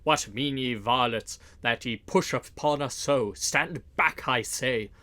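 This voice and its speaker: A man's voice: mid-range voice, takes it slowly, pushed and bright. A man voicing a blustering, commanding sheriff who bellows orders in an old-fashioned storybook. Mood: angry commanding. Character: blustering, commanding middle-aged male sheriff.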